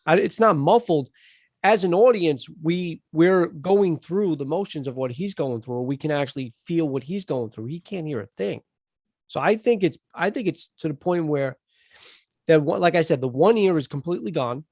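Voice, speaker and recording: A man's voice: fairly high pitch, expressive, normal speed, darkish tone, no echo, clean studio sound. A man on a podcast, earnestly explaining and arguing his view. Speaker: podcast co-host. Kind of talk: casual chat.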